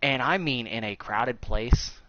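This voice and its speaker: Man, 30s, unhurried crude storyteller, slightly muffled recording. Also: medium pitch, dry recording. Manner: slow, animated, crude and joking. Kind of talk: casual storytelling.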